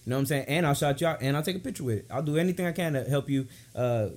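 Male podcast host, quick and loose, swears freely, slightly high voice. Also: a little mellow. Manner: laid-back, swears freely, repeats "you know what I'm saying". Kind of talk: casual podcast chat.

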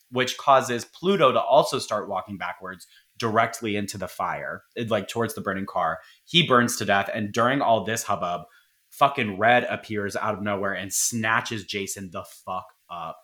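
Guy co-host recapping a movie, cussing a lot, bright edgy voice. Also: lowish voice, normal speed. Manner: profane, animated retelling with quoted voices. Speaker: podcast co-host. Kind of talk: casual movie recap chat.

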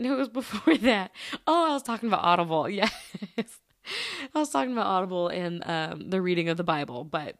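A woman hosts her own podcast alone, chatting casually and rambling from one thought to the next. She laughs easily and keeps calling her listeners "y'all." Her voice sits a bit low, recorded close and dry with no room sound. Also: a little fast, creaky, dry recording. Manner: addresses listeners as "you guys" and "y'all". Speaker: podcast host. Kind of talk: casual solo podcast chat.

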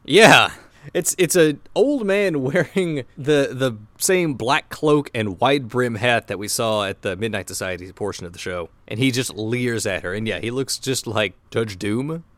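A man co-hosting a podcast, a little drunk, recapping a TV episode in an animated way and laughing mid-sentence. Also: medium pitch, unhurried, no room sound. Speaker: podcast co-host.

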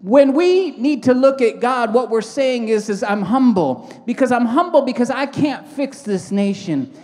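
A man preaching in a church, his voice sitting high for a man. He shifts from fervent prayer into lively storytelling. A long hall reverb trails his words. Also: measured pace. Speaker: pastor. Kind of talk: sermon with prayer.

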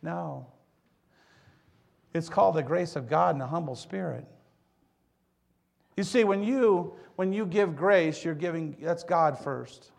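A man's voice: a little high, takes it slowly, vocal fry, pauses often, darkish tone. A middle-aged man preaching a sermon, a joking, folksy storyteller who talks straight to his congregation. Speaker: pastor.

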